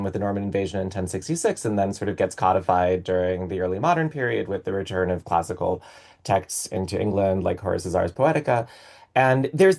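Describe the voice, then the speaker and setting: A man's voice: lowish voice, darkish tone. A man on a podcast, explaining things in a casual, lecturing way with many fillers. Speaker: podcast co-host.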